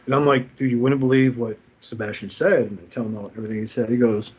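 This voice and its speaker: A swearing, lively man from Jersey City spins a long anecdote on a casual podcast, jumping into the voices of the people in his story. His voice sits at an ordinary male pitch. The audio is slightly dull and muffled. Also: fast talker, slightly rough. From Jersey City, USA. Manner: profane, animated, acts out quoted dialogue. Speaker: podcast host.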